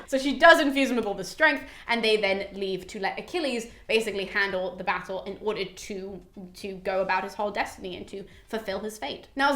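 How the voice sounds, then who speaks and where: A woman's voice: a little high, a bit bright. A young woman retelling a myth in a casual, frank way, often saying "like". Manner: chatty, frank, peppered with "like". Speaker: mythology video host. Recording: roomy echo.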